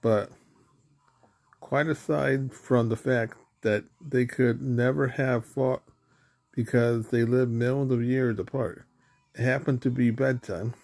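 Man reading a tired papa bear, gravelly, patient storybook dad. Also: medium pitch, steady tone, slow, darkish tone. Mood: firm. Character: fatherly bear dad, weary and good-natured.

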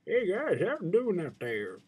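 A man's voice: high-pitched, huge pitch swings, moderate pace, a little mellow, slightly rough, pitched above the performer's own voice, heavily acted. Young man putting on a folksy bayou fisherman. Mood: cheery. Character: cheery bayou fisherman man heading out for shrimp.

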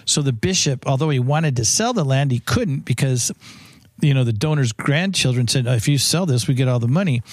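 A man's voice: mid-range voice, expressive, fairly quick, no room sound. A man who is a priest, telling long anecdotes in an interview, with frequent restarts and fillers. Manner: rambling anecdotes with many restarts. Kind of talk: storytelling interview answers.

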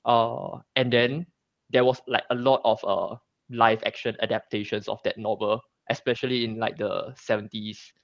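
A man from Singapore chats as a guest comic creator, chatty and loose, full of fillers and restarts. His voice sits at an ordinary pitch. The call audio is dry and dull, with a lo-fi sound. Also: flat delivery, moderate pace, vocal fry, no room sound. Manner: chatty, many fillers and restarts, laughs often. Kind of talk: casual interview chat.

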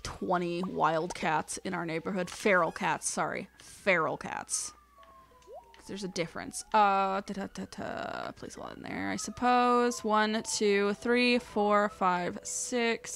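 A young woman hosts a let's play in a mid-range voice that's creaky and a bit bright. She rambles casually while playing, counts out loud, and slips into whispered asides.

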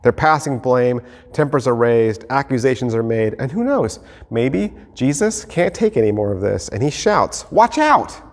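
A man preaching a sermon as pastor, reading scripture and then acting out the scene with lively shifts of voice. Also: medium pitch. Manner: animated, acts out the disciples and Jesus in quick voices. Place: church sanctuary. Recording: long hall reverb.

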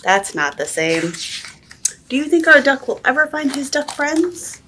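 A woman's voice: high-pitched, very animated, unhurried, fairly bright tone. A woman librarian reading a picture book aloud at a toddler story time, sing-song and asking the children questions.

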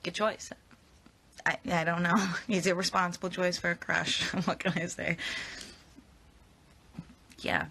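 A woman's voice: on the low side, little pitch movement, a little slow, long pauses, bright, forceful tone, slight background noise. A young woman answering fan questions in a casual, chatty way, giggling and rambling with fillers, recorded on a phone at arm's length. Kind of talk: casual live Q&A chat.

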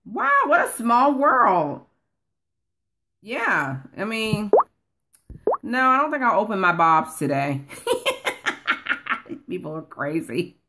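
A woman's voice: mid-range voice, big pitch swings, slow pace, long pauses, sharp tone, a little hiss or hum. A woman coaching viewers on a casual live stream, chatting and reading comments aloud, calling people honey. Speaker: online course coach.

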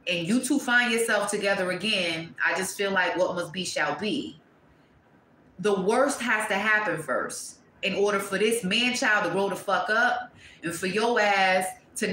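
A woman reading tarot to camera, blunt and profane, breaking into loud exclamations and dropping to quieter asides. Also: medium pitch, roomy sound, a little hiss or hum, low-quality recording. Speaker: tarot reader.

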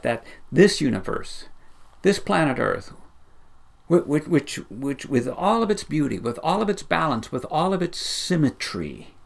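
Male pastor, very gravelly fry, impassioned sermon delivery with rising repetitions. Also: medium pitch. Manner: impassioned, builds in repeated rising chains.

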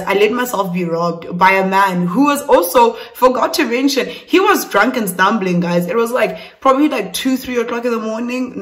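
A young South African woman with a South African accent chatting through a casual storytime vlog, animated and laughing, swearing freely and talking straight to her viewers. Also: on the high side. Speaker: beauty vlogger.

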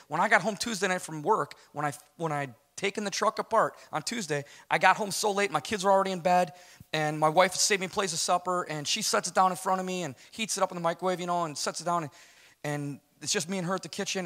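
Man retelling his story, slightly high. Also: pushed and bright. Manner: storytelling, acts out dialogue, frequent "right?". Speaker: guest speaker giving testimony. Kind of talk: emotional personal testimony.

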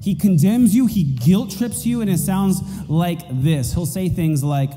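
A man's voice: high-pitched, expressive, measured pace, warm tone, in a large hall, faint music behind. A man preaching a sermon as pastor, emphatic and repeating his key points. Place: church auditorium.

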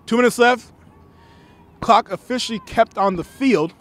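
A man doing play-by-play commentary for a local soccer game, excitable and chatty, shouting on big plays. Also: very high voice, measured pace. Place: press box at an outdoor soccer game.

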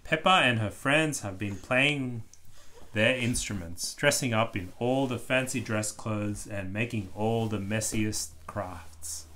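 A man reading a children's book aloud with expressive, animated storytelling. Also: on the low side, slow pace. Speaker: storybook reader.

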